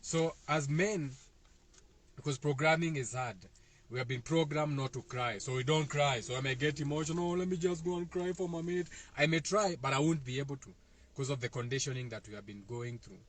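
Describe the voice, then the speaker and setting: Kenyan male host, mid-pitched voice, loose rambling wellness talk, repeats himself often. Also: a little fast, a bit bright. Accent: Kenyan, Kikuyu-speaking. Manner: loose, repetitive, meandering speaking with fillers. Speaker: host of a self-help talk. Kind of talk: casual spiritual talk to viewers.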